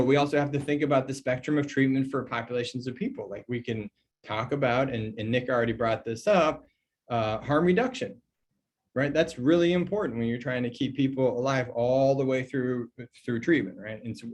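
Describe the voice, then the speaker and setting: A man's voice: mid-range voice, brisk, slight background noise. A middle-aged man, an emergency physician and toxicologist, giving a recorded medical training lecture in a loose, conversational way with lots of fillers. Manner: conversational and animated, many fillers, mock dialogues in a put-on voice.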